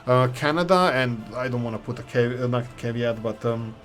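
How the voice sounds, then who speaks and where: A gaming channel host from former Yugoslavia, whose first language is Serbo-Croatian, delivers casual gameplay commentary with a mid-range voice at a moderate pace. He rambles, offers strong opinions, and keeps correcting himself.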